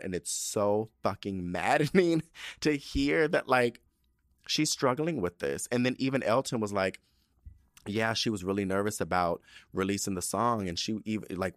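Male podcast host, lower pitch, sassy and animated commentary, recorded dry. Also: no room sound. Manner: animated, sassy, swings into high excited bursts; casual profanity and slang. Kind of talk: casual solo commentary.

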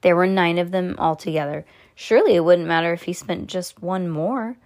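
A woman reading a children's story aloud, expressive, with small slips and restarts. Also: lowish voice, normal speed. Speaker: reader to a child.

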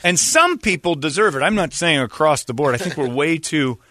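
A man's voice: on the high side, moderate pace, no echo, studio quality. A man from Indiana hosting a talk show, telling stories in casual banter, laughing often and acting out the people in them. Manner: animated, laughs often, acts out the voices in his stories.

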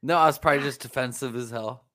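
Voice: medium pitch, quick pace, a bit bright. A podcast co-host in a casual live chat, playful, sometimes slipping into a mock-preacher delivery.

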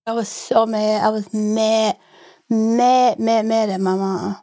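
A woman telling her own story in an interview, halting and repeating herself. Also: on the high side, level tone, mellow, no echo. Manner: halting, many fillers and repeats. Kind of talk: personal recollection.

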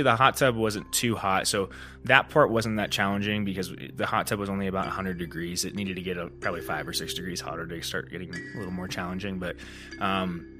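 A man hosting a solo podcast, telling a story in a rambling, casual way, full of fillers and restarts, and lively when he acts out the moments. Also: fairly low pitch. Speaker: podcast host.

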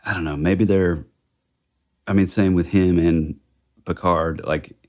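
A man's voice: low voice, steady tone, unhurried, a little mellow. A man co-hosting a podcast, thinking aloud hesitantly in casual true-crime chat. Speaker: podcast co-host.

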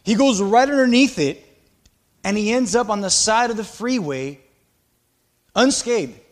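A man with a strikingly high voice preaches a sermon to his congregation. He talks with passion, rising to loud exhortation and then dropping to quiet, confiding asides. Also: expressive, unhurried. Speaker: pastor.

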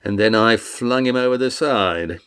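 A man reading the part of a tough innkeeper, speaking in a calm, dry, teasing way. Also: mid-range voice, normal speed, clear, resonant tone, voice pushed up, natural voice. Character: tough, wry innkeeper, calm under threat.

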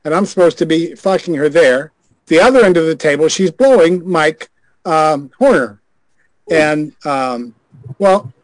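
On a group video call, a guest who once directed adult films, an older man with a slightly high voice, tells a candid show-business story, chuckling wryly. The audio is poor but free of echo.

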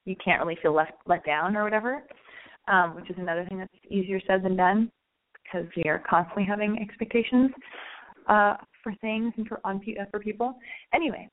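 A woman chats through an animated anecdote and speaks straight to her listeners, exasperated as she acts out each quote. Her voice sits at an ordinary middle pitch. It comes through a thin, phone-like line. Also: fairly quick. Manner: chatty, addresses listeners directly. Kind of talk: casual anecdotal storytelling.

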